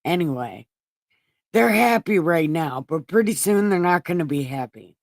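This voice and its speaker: A woman's voice: on the low side, expressive, normal speed, gravelly, no room sound. A woman hosting a show, retelling Bible stories in a casual, irreverent way with profane, sarcastic asides. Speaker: host reading scripture.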